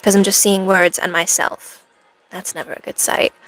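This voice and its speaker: A woman's voice: medium pitch, flat delivery, normal speed, fairly bright tone, faint music behind. A woman livestreaming in cosplay at home, chatting with viewers in rambling, sarcastic banter. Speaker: streamer. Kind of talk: in-character cosplay stream chat.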